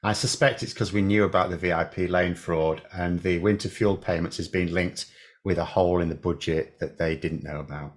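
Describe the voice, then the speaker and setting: A man's voice: deep voice, fairly even intonation, a little fast. A man co-hosting a casual political chat, explaining his points emphatically and arguing them through. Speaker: podcast co-host, former teacher.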